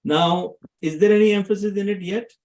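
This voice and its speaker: A man teaching a grammar lesson to a room of students. His voice sits a little higher than most men's, and he keeps stopping to ask whether everyone follows. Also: steady tone, brisk, a little mellow, poor audio. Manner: checks in with students, asks questions.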